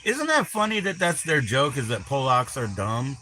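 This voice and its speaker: Male streamer, bright edgy voice, rambling and foul-mouthed, teases his viewers off the cuff. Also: mid-range voice, sing-song, moderate pace, soft background music. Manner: crude, rambling, teasing, swears constantly. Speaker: livestream host. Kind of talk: rambling live-stream chat.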